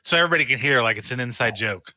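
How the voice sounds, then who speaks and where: A man bantering as a tabletop player in a very bright, sharp voice. His pitch swings in a lively way. The sound is close and dry. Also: very fast, no echo, highs cut off. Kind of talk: playing a tabletop game.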